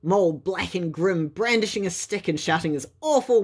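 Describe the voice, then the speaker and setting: A woman narrating a children's bedtime story in a lively, expressive way. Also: lowish voice, normal speed, husky.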